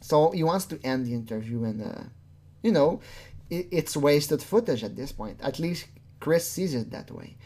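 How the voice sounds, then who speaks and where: A channel host giving casual reaction commentary, mocking and profane, often mimicking people in a high whiny voice. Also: lively intonation, moderate pace, warm tone.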